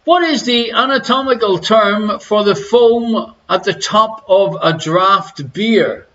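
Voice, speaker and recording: A man's voice: high voice, slow pace, a bit bright, lo-fi sound. An Irish man hosting a live quiz from his living room, reading questions and cracking teasing, crude jokes. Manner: jokey, teasing, crude asides. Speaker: quiz show host. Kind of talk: live-streamed pub quiz banter.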